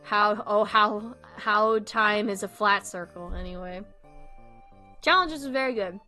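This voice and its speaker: A young woman chatting casually about movies on a stream, excitable, laughing often and swearing freely. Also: medium pitch, unhurried, faint music behind.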